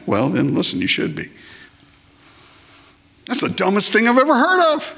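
Man, pastor, sermon, lively swinging pitch, emphatic repeats, puts on brief comic voices. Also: normal speed, creaky, husky. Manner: acts out short comic voices of worshippers and God; emphatic, repeats phrases for effect.

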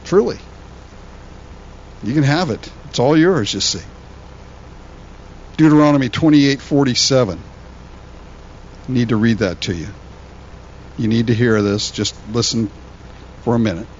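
A man who is a pastor, preaching a sermon in an animated, conversational way, often repeating words as he goes. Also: medium pitch, a little slow, long pauses, muffled recording, slight background noise.

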